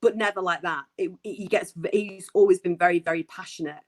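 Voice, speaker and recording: A woman sports broadcaster as a podcast guest, telling stories in a bubbly, animated way and laughing often. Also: fairly low pitch, brisk, poor audio. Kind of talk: casual interview chat.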